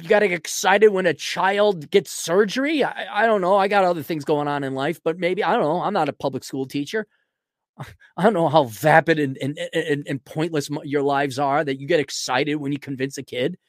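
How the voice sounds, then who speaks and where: A man hosting a podcast, delivering a blunt, mocking solo rant and often clearing his throat. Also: fairly high pitch, fairly quick, no room sound, studio quality. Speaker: podcast host. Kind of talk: ranting solo commentary.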